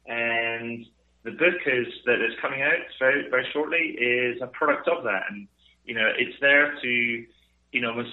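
A British man from the United Kingdom answering interview questions politely, rambling with many fillers. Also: medium pitch. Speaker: guest consultant. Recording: tinny phone line.

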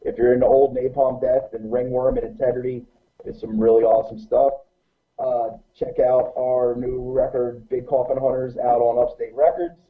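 A man guesting on a podcast, telling a profane, animated anecdote in a casual way. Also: mid-range voice, normal speed. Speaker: guest musician. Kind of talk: casual storytelling. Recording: tinny phone-like line.

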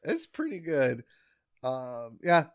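A man's voice: on the high side, wildly swooping pitch, slow. A man co-hosting a podcast in casual chat, recapping a cartoon episode in a laid-back, rambling way. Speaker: podcast co-host.

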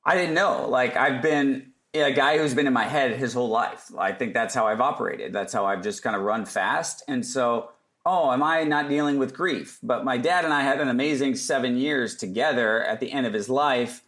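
A man's voice: medium pitch, moderate pace, fairly bright tone. A man as a podcast guest, telling casual stories and acting out other people's lines as he goes. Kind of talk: casual storytelling interview.

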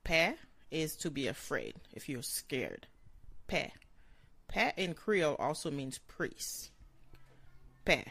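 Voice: medium pitch, very animated, slow, gravelly, long pauses, pushed and bright, husky, no room sound. A language teacher giving a short vocabulary lesson, saying each word several times and then translating it.

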